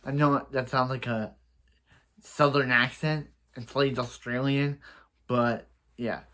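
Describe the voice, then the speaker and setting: A man's voice: medium pitch, flat delivery, takes it slowly, a bit bright. A young man casually recapping a TV episode as a reviewer, rambling and repeating himself, with playful bursts of sound effects.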